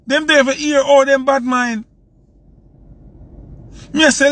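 A man's voice: very high-pitched, fairly even intonation, slow, fairly bright tone. A man from Jamaica with a Jamaican accent, hosting a live stream and ranting heatedly, repeating his points for emphasis. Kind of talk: live-stream commentary rant.

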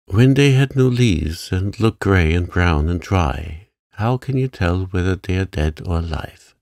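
A man's voice: low voice, animated, a little slow, gravelly, darkish tone, no echo, clean studio sound, heavily acted. A man voicing a curious young girl who asks eager questions.

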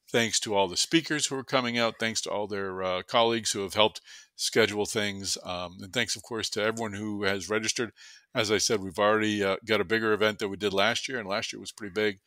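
A man's voice: lowish voice, bright, forceful tone, no room sound. A man with a Boston accent hosting a podcast in an upbeat, casual way, with plenty of fillers. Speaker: podcast host.

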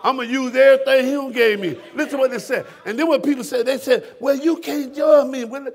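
Pastor, high gravelly voice, fiery shouting sermon style. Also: male voice, fairly quick. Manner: fiery, preaching with shouted questions to the congregation. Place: church sanctuary.

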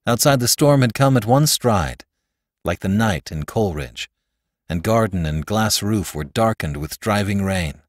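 A man narrating a classic story in an expressive, dramatic reading style as a podcast host. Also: fairly low pitch, a little slow, no echo, studio quality. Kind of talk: audiobook narration.

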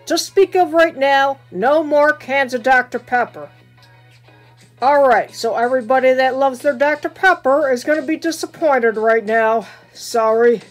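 A woman's voice: sits high, unhurried, faint music behind. Woman voicing a mock-formal news announcer. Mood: solemn. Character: adult news announcer delivering bad news. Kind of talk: homemade toy skit.

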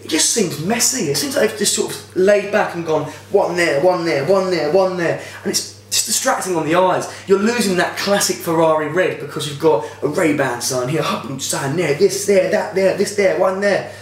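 A man's voice: high-pitched, moderate pace, few pauses, recorded from a distance. A man giving a casual, opinionated motorsport video commentary, talking in a rambling way with frequent restarts. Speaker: motorsport vlogger. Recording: echoey room.

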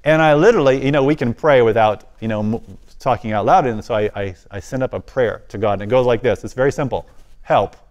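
A man's voice: fast, muffled recording. Man telling a vivid personal testimony. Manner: animated, drops his voice low for quiet moments. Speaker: guest speaker.

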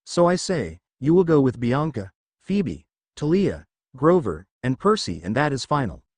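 A confident young man lays down the rules in a calm, firm voice, read by a male narrator. He never rushes. The sound is close and dry. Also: mid-range voice, dry recording.

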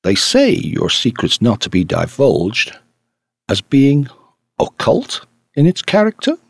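A man's voice: mid-range voice, wildly swooping pitch, takes it slowly, vocal fry, slightly rough, no echo, studio quality, voice pushed up, full character voice. A man reading the part of a brash, talkative male journalist in an audiobook, eager and insistent.

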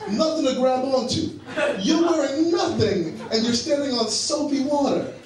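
A young man performing a stand-up comedy set in a club, animated and acting out characters. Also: very high-pitched, moderate pace. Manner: animated, acts out characters in raised voices. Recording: echoey club sound from a distant mic with loud crowd noise. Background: audience laughter.

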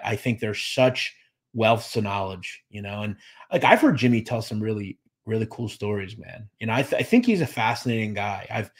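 A man hosting a live show, chatting casually, reading viewer comments and thanking them by name, with lots of fillers and restarts. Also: medium pitch. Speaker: podcast host reading live chat. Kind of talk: casual livestream chat.

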